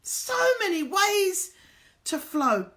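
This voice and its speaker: A woman hosting a live-streamed show, telling stories full of quoted dialogue in an excitable, animated way. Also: very high-pitched, slow. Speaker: show host. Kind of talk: casual storytelling to a live-stream audience.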